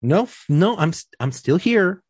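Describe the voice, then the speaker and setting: Husky-voiced podcast co-host, blunt and dry. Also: male voice, high voice, expressive, moderate pace, a little mellow, dry recording. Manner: reads news items aloud, blunt and profane. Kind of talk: casual chat.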